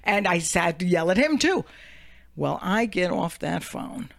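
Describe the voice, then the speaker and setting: Animated, swearing woman podcast host. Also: unhurried, gravelly. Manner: animated, profane, jumps into high excited pitch when telling stories. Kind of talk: casual podcast chat.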